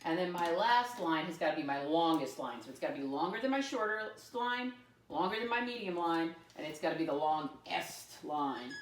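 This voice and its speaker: A woman's voice: distant mic, a little hiss or hum. Cheerful teacher woman in an echoey classroom. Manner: slow, spelled-out teacher talk with playful pitch leaps. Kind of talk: early-grade math lesson. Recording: roomy sound from off-mic.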